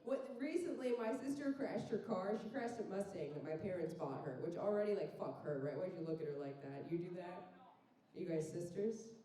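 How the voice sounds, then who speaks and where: A woman's voice: lowish voice, animated, normal speed, mellow. A woman in her thirties from Phoenix doing a chatty, self-mocking stand-up set, riffing with the crowd on a club stage. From Phoenix, Arizona. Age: 30s. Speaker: stand-up comedian. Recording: roomy club sound from a distant mic.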